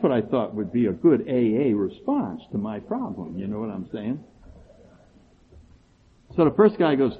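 A middle-aged man telling his own story to a recovery group, animated and quick to act out other people's replies. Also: lowish voice. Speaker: speaker sharing his story at a recovery meeting. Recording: tinny phone-like recording with faint background hiss.

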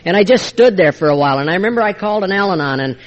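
Older man telling his story, somewhat high-pitched. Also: animated, very fast, lo-fi sound. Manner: heartfelt storytelling, swings from hushed to emphatic. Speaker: speaker sharing his recovery story. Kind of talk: personal testimony at a recovery meeting.

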